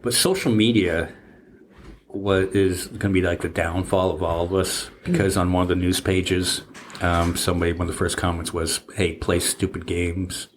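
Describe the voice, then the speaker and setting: A man in his fifties hosting a casual podcast chat, talking haltingly with many fillers and restarts. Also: sits low, steady tone, a little hiss or hum. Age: 50s. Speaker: podcast host.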